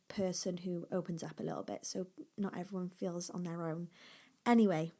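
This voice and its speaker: A young adult woman hosting her own podcast from home, talking openly and emotionally with restarts, her voice dropping at times to a near whisper. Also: medium pitch. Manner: open, emotional, fillers and restarts, shifts between bright and near-whispered. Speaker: podcast host and small business owner. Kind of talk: casual personal podcast talk.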